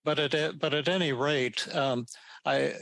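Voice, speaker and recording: An older man hosting a podcast, telling a story casually and haltingly, with many restarts and repeated words. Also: fairly high pitch, a bit bright. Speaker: podcast host answering listener questions.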